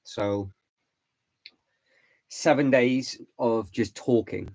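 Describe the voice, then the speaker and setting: A man hosting a casual live stream, hoarse and stuffy from hay fever and a lost voice, rambling and repeating his words as he answers chat. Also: medium pitch, very slow, a little mellow, low-quality recording. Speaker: vlog host doing a live stream.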